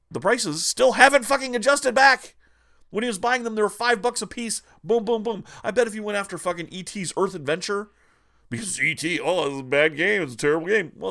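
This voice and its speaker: Gravelly guy ranting about game prices, swearing nonstop, kinda high voice. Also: bright, forceful tone. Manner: profane, angry ranting. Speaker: host of a retro gaming channel. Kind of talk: ranting vlog.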